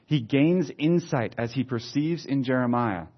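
Man preaching through scripture, lo-fi. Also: medium pitch. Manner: reads scripture aloud with slow emphasis, then comments conversationally. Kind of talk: expository Bible teaching. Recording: slightly dull lo-fi sound.

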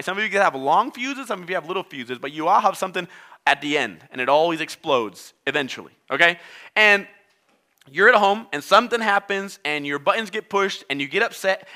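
Native spanish speaker preaching, high bright voice, super lively, acts stuff out. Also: male voice. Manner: animated, acts out inner voices and quotes. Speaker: pastor. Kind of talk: sermon.

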